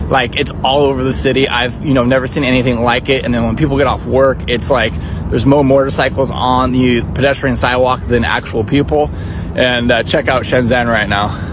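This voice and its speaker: A man's voice: medium pitch, fairly even intonation, a little fast. Chatty American man on a noisy street. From United States. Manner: chatty, lots of "like" and "you know". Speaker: travel vlogger. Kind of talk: casual travel vlog. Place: outdoors by a busy city street. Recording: street traffic noise behind.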